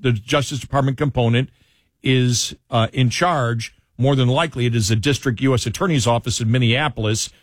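A male radio host in a studio, rambling through banter and then reading a column aloud. His mid-pitched voice sounds dry and close, with hardly any room around it. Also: no echo. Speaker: radio talk show host. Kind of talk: casual talk radio banter and commentary. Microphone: studio headphones and mic.

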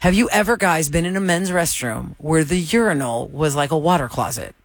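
A woman co-hosting a casual talk show, telling a story with lively acted-out quotes. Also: low-pitched, a little fast, no room sound, studio quality. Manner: animated storyteller acting out quotes. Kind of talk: casual chat.

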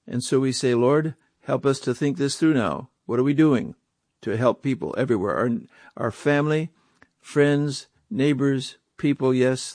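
A man's voice: mid-range voice, darkish tone, no echo, studio quality. A man preaching a sermon, emphatic, often asking the listeners rhetorical questions.

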